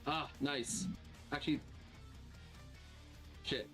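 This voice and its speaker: A man runs a tabletop game as game master, his voice sitting a little high for a man. He narrates in an animated, rambling way, full of "like" and quick laughs, over faint background music. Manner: animated, laughs often, fills with "like" and "uh".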